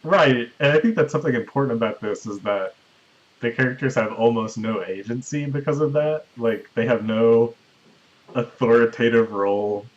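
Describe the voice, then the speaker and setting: A man's voice: mid-range voice, moderate pace, lo-fi sound. A man hosting a podcast, casually recapping a movie's plot at length with the odd chuckle. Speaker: podcast host recapping a film. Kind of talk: casual chat.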